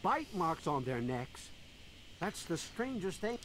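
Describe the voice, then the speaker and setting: A worried wasteland village guard in a video game, urgent and concerned. His voice sits high for a man and swings widely in pitch. Faint ambient game sound hums behind him. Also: very animated, slow, fairly bright tone, slight background noise, heavily acted, low-quality recording.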